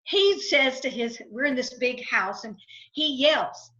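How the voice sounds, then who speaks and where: A middle-aged woman speaks as an interview guest, with a high, forceful, bright voice. She drives each point home by repeating it and acting out quotes. The sound is muffled and lo-fi. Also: very animated, measured pace. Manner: emphatic, repetitive, storytelling with acted quotes. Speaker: guest, financial advisor and entrepreneur. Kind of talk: enthusiastic interview talk.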